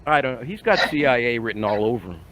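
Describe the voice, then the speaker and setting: An older man talking heatedly in a casual group chat, indignant and animated. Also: mid-range voice, quick pace, lo-fi sound. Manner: animated, indignant, mocks others with voices. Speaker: podcast panelist.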